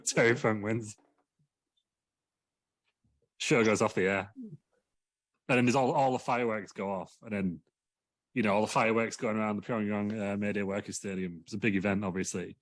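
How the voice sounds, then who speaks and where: A man's voice: fairly low pitch, steady tone, normal speed, long pauses, no echo. A man co-hosting a comedy wrestling podcast, telling a rambling story while laughing mid-sentence. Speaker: podcast co-host.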